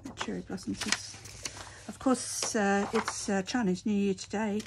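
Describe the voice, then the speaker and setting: A woman hosts a craft video from her table at home, chatting to the camera in an unhurried way. She talks herself through every step with little murmured asides. A steady background noise sits clearly under the recording. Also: medium pitch. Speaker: craft channel host. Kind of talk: casual crafting chat to camera.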